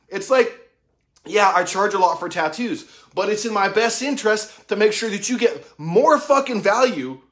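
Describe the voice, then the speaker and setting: A man giving a casual monologue about mentorship, profane and excitable, full of slang, acting out conversations he quotes. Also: sits high. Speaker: tattoo artist talking about mentorship.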